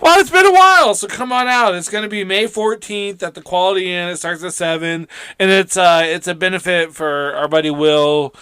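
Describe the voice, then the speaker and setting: A podcast co-host with a bright, ringing voice, animated in casual chat and quick to break into laughter. He acts out little scenes with store clerks as he tells his stories. The recording is dry and close, with almost no room sound. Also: high voice, clear, resonant tone, dry recording.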